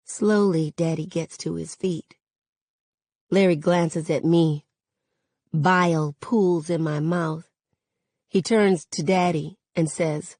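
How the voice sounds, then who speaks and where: A woman reading a novel aloud in a measured, even narration. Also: low voice, no echo. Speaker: reader.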